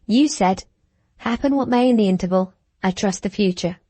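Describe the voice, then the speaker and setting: A woman reading the part of an earnest, gentle young woman with a questioning manner, in an audiobook. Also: mid-range voice, normal speed, dry recording, close to an everyday voice.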